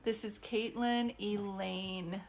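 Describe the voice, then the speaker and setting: A woman's voice: medium pitch, steady tone, takes it slowly, vocal fry, slight background noise. Chatty woman medium on a phone live. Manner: chatty, reassuring, full of "like" and "do you know what I mean". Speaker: psychic medium giving live readings. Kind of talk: casual live-stream reading.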